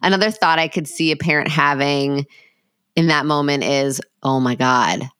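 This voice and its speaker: Woman psychologist hosting a parenting podcast, low voice, dry sound, talks it through thoughtfully. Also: moderate pace, a bit bright, clear, resonant tone, no room sound. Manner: reflective, conversational, slips into voicing parents' thoughts. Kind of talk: casual podcast conversation.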